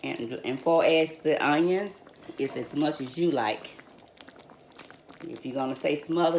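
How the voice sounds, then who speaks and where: A woman's voice: sits low, measured pace, pauses often, noisy background. An older woman, chatting folksily through a home cooking demonstration and calling her viewers honey and y'all. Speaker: home cook host. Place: home kitchen. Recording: echoey kitchen with cookware clatter.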